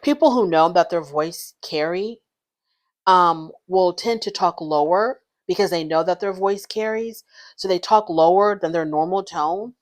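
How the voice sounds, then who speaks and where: A woman talking through a reality show in a casual commentary, frank and exasperated. Her voice sits a little low, and she speaks bluntly.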